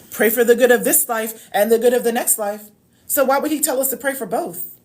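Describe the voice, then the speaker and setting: A woman speaking on a live stream as a love coach, her voice pitched a little low. She talks casually and with emphasis, and calls her viewers y'all. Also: darkish tone.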